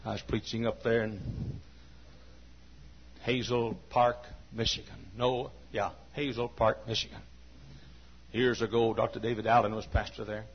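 A man preaching a sermon to a large church. He tells stories quietly and then breaks into high shouting. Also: little pitch movement, unhurried, slightly rough. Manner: swings from hushed storytelling to high shouting. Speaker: pastor. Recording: dull lo-fi sermon recording.

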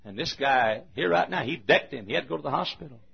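An older man, a pastor preaching a sermon in a folksy storytelling manner, dropping to a hush and then bursting out loud. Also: medium pitch, lively intonation, quick pace, gravelly. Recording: dull, lo-fi archival sermon recording.

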